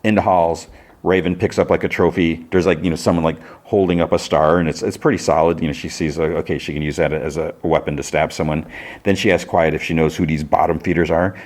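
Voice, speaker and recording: A man's voice: low-pitched, fairly even intonation, fast, darkish tone. A man hosting a podcast, chatting casually as he retells a TV episode in a loose, rambling way. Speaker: podcast host.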